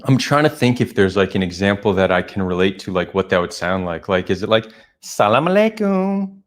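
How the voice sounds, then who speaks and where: A male live-stream host with a lowish voice chats casually. He thinks out loud, asks questions and pads his thoughts with fillers. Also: fast talker. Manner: curious, thinking aloud with fillers.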